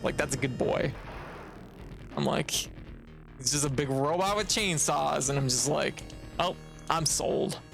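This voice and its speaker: A livestreamer from Canada rants about a game in a gravelly voice, swearing freely and sounding exasperated. The tone stays casual and talkative, like running commentary on a home stream. Game music plays clearly underneath. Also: medium pitch, measured pace, long pauses, a bit bright. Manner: profane, exasperated ranting with frequent laughs. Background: video game music.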